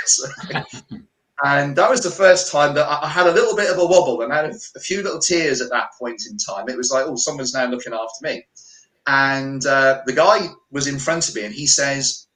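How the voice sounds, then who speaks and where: A middle-aged man from the United Kingdom, a radio interview guest, recounting events in lively first-person storytelling with quoted dialogue. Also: mid-range voice, normal speed, reverberant, poor audio. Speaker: guest, holistic healer.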